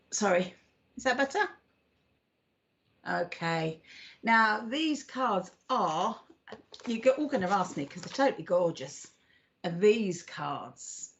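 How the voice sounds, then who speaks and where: A British woman chats bubbly and affectionate on a live psychic stream, greeting viewers warmly by name and calling them darling. Her voice sits in a middle pitch. The stream audio is dull and lo-fi. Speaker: psychic co-host.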